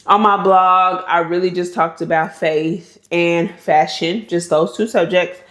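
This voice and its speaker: Chatty woman in an echoey room. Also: lowish voice. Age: 30s. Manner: chatty, animated, laughs often. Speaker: lifestyle vlogger. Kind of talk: casual get-to-know-me chat.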